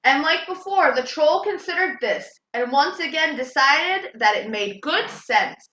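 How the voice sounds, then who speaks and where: High, animated woman reading a storybook. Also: a little slow, echoey room, rough recording. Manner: expressive, sing-song read-aloud. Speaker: children's storytime host.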